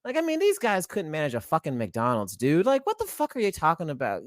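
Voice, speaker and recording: A man's voice: on the high side, huge pitch swings, quick pace, few pauses, no room sound. Guy ranting and cussing on a podcast, voice swinging all over, dry close mic. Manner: profane, exasperated ranting. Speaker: podcast co-host. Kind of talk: heated ranting podcast talk.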